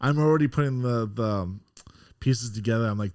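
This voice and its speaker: Chill guy cohosting a podcast, laughs a lot, mid pitch, dry sound. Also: a little fast, darkish tone, no room sound. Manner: laid-back, agreeable, laughs often. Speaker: podcast co-host. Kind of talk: casual chat.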